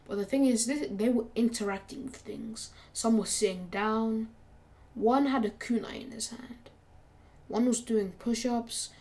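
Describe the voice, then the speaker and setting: A woman's voice: on the high side, a little mellow. A woman casually narrating a fan story in a slangy, profane, rambling way.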